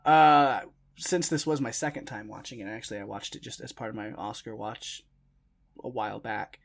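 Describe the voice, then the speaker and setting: A young man co-hosting a podcast, talking through a film in a relaxed, rambling way with plenty of fillers. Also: on the low side, moderate pace, vocal fry. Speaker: podcast co-host. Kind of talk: casual film discussion.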